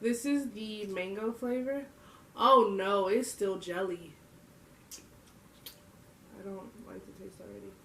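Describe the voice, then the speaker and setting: A woman's voice: mid-range voice, steady tone, takes it slowly, pauses often, fairly bright tone, distant mic, a little hiss or hum. A young adult woman vlogging, telling a story to camera in a casual, slangy way and laughing often. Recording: roomy echo.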